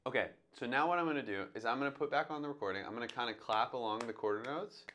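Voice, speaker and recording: A man's voice: mid-range voice, very fast, fairly bright tone. A man teaching drums in a casual, step-by-step way, thinking aloud and singing drum sounds as he goes. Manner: talks through his thinking, sings drum sounds aloud. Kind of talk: casual instructional talk.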